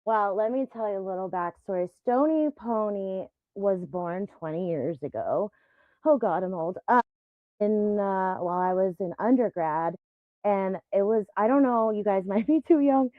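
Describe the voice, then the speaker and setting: Animated woman on a tinny phone line. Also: mid-range voice, moderate pace, no echo. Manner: animated storyteller who laughs often. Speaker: guest, event business founder. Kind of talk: casual podcast conversation.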